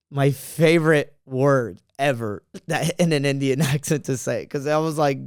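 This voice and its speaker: A man's voice: on the high side, moderate pace, creaky, darkish tone, clean tone, no echo, clean studio sound. A young man, a comedian, telling travel stories in a playful, casual way, laughing often. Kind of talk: casual storytelling.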